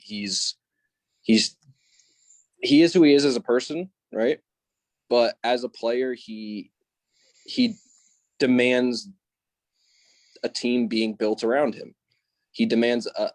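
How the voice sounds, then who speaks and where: Young male podcaster, lowish voice, halting and filler-heavy in a casual sports argument, dry mic. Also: dry recording. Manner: hesitant, restarts often, many "like"s. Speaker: podcast co-host.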